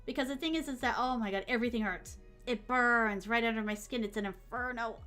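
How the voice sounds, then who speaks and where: A woman's voice: a little high, brisk, few pauses, fairly bright tone, soft background music. A woman streamer in a bubbly, gushing casual chat who reads out viewer messages and adds Japanese honorifics to names. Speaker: VTuber streamer.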